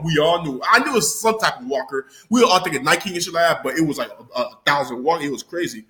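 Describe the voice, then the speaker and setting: A young man rattles off an excited, casual recap, full of slang, swearing and loud outbursts. His voice sits high and swings widely in pitch. It has a bright edge, recorded in a roomy, echoing space. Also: fast talker, hardly any pauses. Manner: animated, slangy, swears freely, loud exclamations. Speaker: YouTuber reviewing a TV episode.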